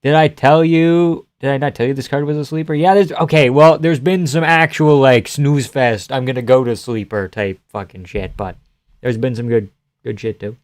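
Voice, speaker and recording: A man's voice: medium pitch, fairly even intonation, normal speed, a little mellow, dry recording. A young man from the Boston area chatting casually on a live stream, reading comments aloud, joking, swearing and laughing often. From Boston area, USA.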